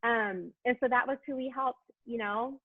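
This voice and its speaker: Lively lady talking on the phone, kinda tinny, gets emotional telling stories. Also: a little high, no echo. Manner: lively, emotional, quick asides. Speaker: guest. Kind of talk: casual interview storytelling.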